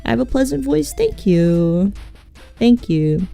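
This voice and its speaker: A woman's voice: fairly high pitch, sing-song, takes it slowly, creaky, dark tone, faint music behind. A woman VTuber streamer chatting casually, with a scratchy voice and a rambling, profane, self-mocking way of talking. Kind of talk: casual live-stream chat.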